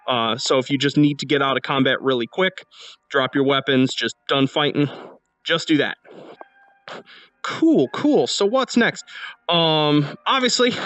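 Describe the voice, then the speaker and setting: A man's voice: fairly high pitch, a bit bright, dry recording, highs cut off. A man, a game developer, talking through his game's new features in a casual devlog walkthrough while playing, often restarting his sentences. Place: indoor room at home.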